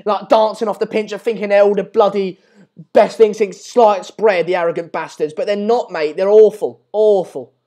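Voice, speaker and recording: A man's voice: high voice, fairly even intonation, normal speed, dark tone. Man, live football stream host, exasperated rant, repeats himself, casual slangy talk. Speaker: live match chat host.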